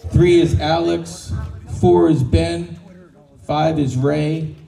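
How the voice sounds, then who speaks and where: A man emceeing a live pitch event, jovial and reassuring, telling the audience to relax and have fun. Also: fairly even intonation, slow pace, vocal fry, dark tone. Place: large event room in Austin. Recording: echoey room, mic at a distance.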